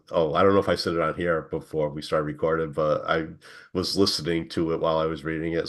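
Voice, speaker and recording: A man talking casually in a book club discussion, hesitant and full of restarts. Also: very deep voice. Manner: hesitant, many fillers and restarts, laughs.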